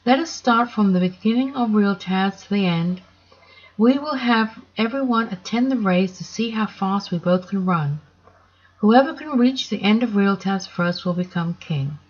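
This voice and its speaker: Calm, self-assured giraffe, read by a woman, steady and matter-of-fact, dull recording. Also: mid-range voice, moderate pace, close to an everyday voice.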